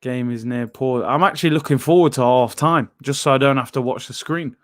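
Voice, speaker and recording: A man's voice: medium pitch, a little fast, no echo, studio quality. A man hosting a live football watchalong, chatting casually in slang and reading out chat messages.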